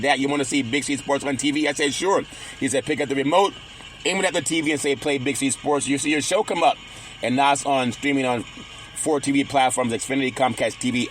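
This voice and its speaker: A man's voice: mid-range voice, poor audio. A man hosting his own sports podcast, talking in a repetitive, preachy monologue full of slogans. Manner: repetitive, preachy, builds to loud chanting. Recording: loud music and crowd behind. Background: loud music and crowd.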